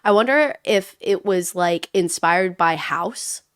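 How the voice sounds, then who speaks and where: A woman with a slightly low voice chatting casually on a podcast. She thinks out loud, hedging and circling back through her ideas. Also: slow pace. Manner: thinking aloud, musing with hedges and restarts. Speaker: podcast co-host. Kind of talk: casual book-club chat.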